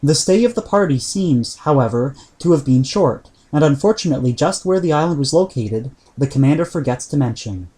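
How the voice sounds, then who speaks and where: A man reading an old book aloud in a measured way, with occasional slips and throat-clearing. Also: on the high side, lively intonation, mellow. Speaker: reader.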